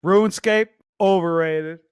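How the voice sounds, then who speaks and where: Male podcast co-host, halting delivery, fairly high voice, dry close sound. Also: clear, resonant tone, no echo. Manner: hesitant, lots of ums and likes. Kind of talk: casual gaming podcast chat.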